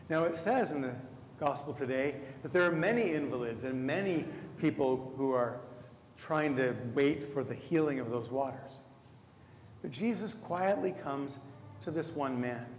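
A man delivers a sermon in a slightly raised pitch, unhurried and reflective, leaning on slow pauses for emphasis. His voice carries through a roomy church sanctuary with a long reverb tail and a faint hum of ambience behind it. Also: a little mellow. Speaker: deacon.

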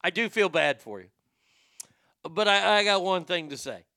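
High, gravelly-voiced comic radio host. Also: male voice, animated, moderate pace, pushed and bright, dry recording, studio quality. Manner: profane, rambling, joking. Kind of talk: comedic talk radio monologue.

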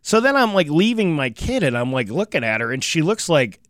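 A man casually telling a personal anecdote on a talk show, animated and acting out what people said. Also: a little high, normal speed, few pauses, no room sound, studio quality. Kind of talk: casual chat.

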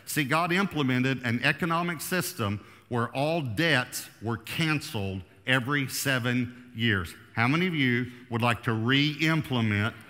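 A man preaching a sermon as pastor, emphatic, pushing his pitch up on key words and slowing down to read scripture. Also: bright, forceful tone. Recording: long hall reverb.

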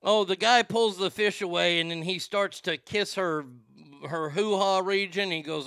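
High, gravelly, bright-voiced male streamer. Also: a little slow, no echo. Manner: incredulous, profane, stammering restarts. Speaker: live stream host. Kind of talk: crude comedic rant to chat.

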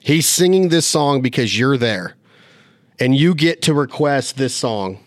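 A man's voice: medium pitch, expressive, unhurried, no echo. An enthusiastic man hosts a casual interview, pushing his points with emphasis. His mid-range voice is close-miked and dry. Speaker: podcast host.

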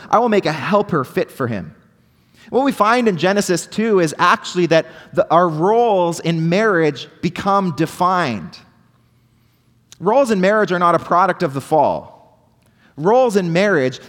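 A young pastor delivers an earnest sermon, his voice sitting a bit high for a man. He peppers the congregation with rhetorical questions, sinking to hushed tones and then pressing his points with force. The room trails a long reverb behind each phrase. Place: church hall.

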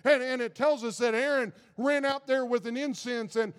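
Guy preaching, really high voice, chatty then fired up, big echoey church. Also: steady tone, moderate pace, hardly any pauses, clean tone. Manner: conversational preaching that builds to fervent intensity. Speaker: pastor. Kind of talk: informal sermon. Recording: long reverb of a large hall.

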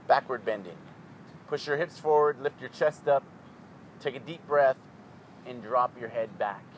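Man calling slow yoga commands. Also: mid-range voice, a little hiss or hum, low-quality recording. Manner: calm, rhythmic, clipped commands. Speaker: yoga instructor. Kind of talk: yoga class instruction.

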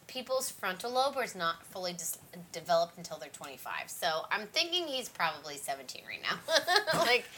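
A woman co-hosting a casual podcast chat, animated and swearing freely, often acting out quotes in other voices. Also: lowish voice, normal speed, a little hiss or hum. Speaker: podcast co-host.

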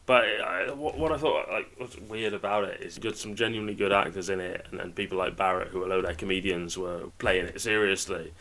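Deep-voiced wry man. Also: fairly quick, vocal fry, few pauses, a bit bright. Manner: wry, opinionated. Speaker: podcast co-host. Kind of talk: casual podcast banter.

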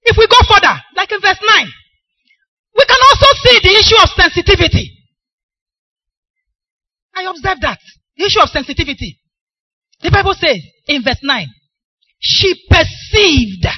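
A woman's voice: very high-pitched, lively intonation, moderate pace, pauses often, bright, forceful tone, no room sound, rough recording. A middle-aged woman with a Nigerian accent preaching a sermon, emphatic and asking the congregation questions for them to answer.

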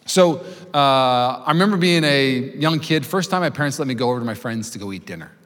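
A man in his thirties preaching a sermon to a congregation, telling stories with acted-out voices and building to loud preaching. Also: mid-range voice, expressive, a little fast. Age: 30s. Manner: storytelling, acts out voices, rising to loud preaching. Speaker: pastor. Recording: long hall reverb.

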